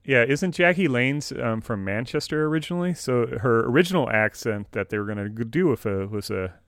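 Smooth-voiced man in dry podcast chat. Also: medium pitch, expressive, brisk, no echo. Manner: thoughtful, laughs often. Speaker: podcast co-host. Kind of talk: casual fan discussion.

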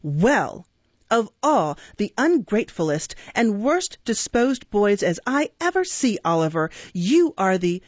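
A woman voicing a stern, pompous middle-aged beadle who blusters and scolds in a lowered voice. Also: animated, measured pace, hardly any pauses, no room sound. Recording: dull, dry recording.

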